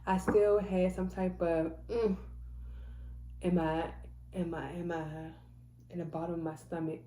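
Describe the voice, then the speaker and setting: A woman's voice: fairly low pitch, little pitch movement, a little slow, dark tone, roomy sound, a little hiss or hum. A woman telling a personal faith testimony in a casual, emphatic way, repeating phrases and restarting often. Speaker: mother sharing a faith testimony.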